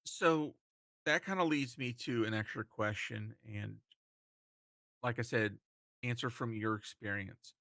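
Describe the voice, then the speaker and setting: Slow-talking bright-voiced male co-host. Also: medium pitch, creaky, no echo, studio quality. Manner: slow, halting, earnest. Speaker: podcast co-host. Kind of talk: casual interview.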